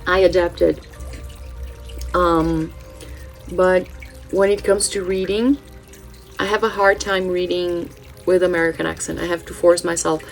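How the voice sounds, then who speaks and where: Gravelly low woman with a mixed accent. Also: steady tone, measured pace, pauses often, soft background music, poor audio. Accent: mixed British and Californian English. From Brazil. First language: Brazilian Portuguese. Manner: chatty, digressive, many ums and restarts. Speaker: channel host, spiritual card reader. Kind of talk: casual oracle card reading.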